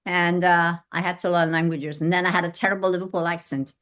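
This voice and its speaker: A British woman in her eighties, from England, telling lively stories as a guest in an interview and acting out the dialogue in them. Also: on the low side, quick pace. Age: 80s. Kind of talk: casual interview storytelling.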